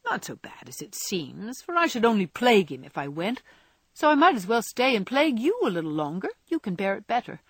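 A woman voicing a lazy, playfully evasive young gentleman in a storybook reading. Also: medium pitch, very animated, a little fast, breathy edge, no echo, voice pushed up. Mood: teasing. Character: young man, teasing idle gentleman.

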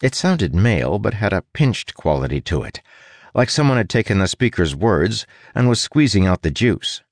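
Low-voiced man reading an audiobook. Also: very animated, normal speed, no room sound, clean studio sound. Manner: wry, playful asides. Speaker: audiobook narrator. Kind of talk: scripted narration.

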